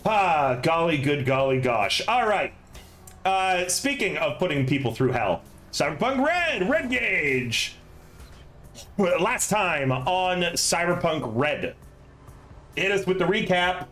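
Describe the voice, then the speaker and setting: A man with a slightly higher-than-usual voice hosts a tabletop game stream. He rambles through a story in a casual chat style, padding it with fillers and breaking into laughs. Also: very animated, takes it slowly, fairly bright tone, soft background music, poor audio. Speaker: game master and stream host.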